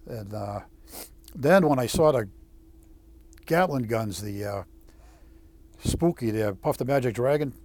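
A man, a former Marine, telling his war story in an interview, halting with many restarts and blunt swearing. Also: mid-range voice, expressive, darkish tone. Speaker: veteran interviewee. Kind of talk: oral history storytelling.

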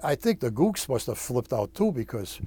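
A man, a former Marine, telling his war story in an interview, halting with many restarts and blunt swearing. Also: mid-range voice, big pitch swings, warm tone, husky. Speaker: veteran interviewee. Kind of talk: oral history storytelling.

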